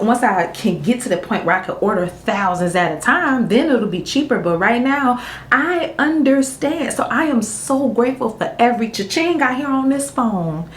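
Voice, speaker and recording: A woman's voice: on the high side, slight background noise. Chatty mom vlogging her launch. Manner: chatty and candid, Southern slang, emotional and grateful. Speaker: small business owner vlogging a product launch. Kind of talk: casual vlog chat to camera. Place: at home.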